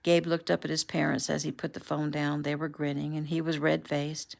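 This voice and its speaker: A woman reading her own novel aloud casually at home, in a relaxed, conversational way. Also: deep voice, moderate pace, creaky.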